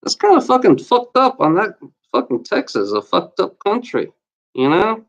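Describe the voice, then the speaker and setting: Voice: medium pitch, huge pitch swings, moderate pace, highs cut off. Profane vlogger ranting about odd laws. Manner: scoffing laughter between readings.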